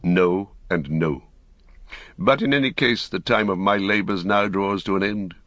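A man voicing a wise, stern old wizard who speaks gravely and firmly, in an audiobook reading. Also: low-pitched, measured pace, a bit bright, no echo, highs cut off.

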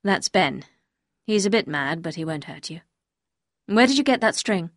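A woman voicing a calm, guarded grown man in a storybook reading, lowering her voice and speaking curtly and firmly. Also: moderate pace, dry recording, clean studio sound. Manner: lowered voice, curt and firm.

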